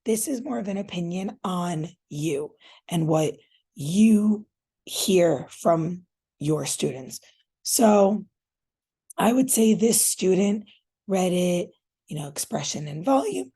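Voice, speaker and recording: Gravelly, slow-talking woman teacher. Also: lowish voice, dark tone. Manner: casual, chatty, talks to viewers as you guys; thinks aloud while working on screen. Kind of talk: screen-share tutorial on scoring reading fluency.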